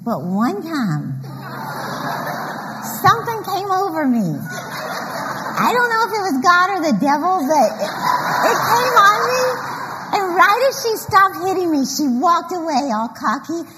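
A middle-aged woman giving an animated, story-filled motivational church talk, laughing often. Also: very high voice, unhurried, long pauses. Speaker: women's conference speaker. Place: church hall. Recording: reverberant hall mic, faint noise.

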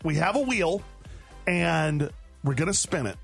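A man's voice: on the high side, animated, measured pace, creaky, husky, soft background music. A man hosting a radio morning show, chatting in a playful, self-deprecating way. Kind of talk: casual chat.

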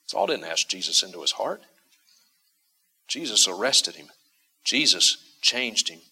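A male pastor delivering a sermon in a bright, forward voice. He presses his points with emphatic repetition and throws rhetorical questions out to his listeners. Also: on the low side, very animated, unhurried, pauses often, husky. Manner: emphatic, repeats key phrases for stress; asks the congregation rhetorical questions.

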